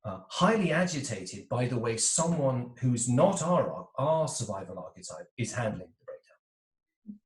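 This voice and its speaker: A man in an interview explains relationships with a very lively, rising and falling voice, now and then acting out the people he talks about. His voice sits in a middle register and carries a roomy echo, as if he speaks into a video call from a bare room. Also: medium pitch, normal speed, far from the mic. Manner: animated, acts out little voices of quoted types. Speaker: interview guest, relationship coach.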